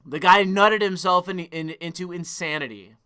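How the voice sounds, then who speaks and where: A crude, rambling young man commenting on a live stream, prone to sudden excited outbursts. His voice sits high for a man and sounds very bright and smooth. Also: moderate pace.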